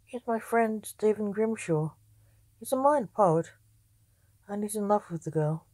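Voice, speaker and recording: A woman voicing the scolding ghost of a male highwayman who lectures his companion. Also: lively intonation, a little slow, a little mellow, no room sound. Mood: explaining.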